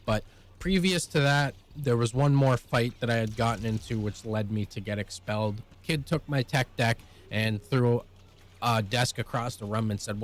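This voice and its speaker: A young man telling a personal story in blunt, profane, rapid-fire language. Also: medium pitch. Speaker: vlogger.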